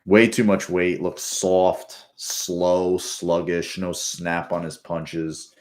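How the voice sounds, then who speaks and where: A sports fan rewatching a football game speaks slowly in a low-pitched, flat delivery. His casual commentary is profane and rambling, with frequent restarts.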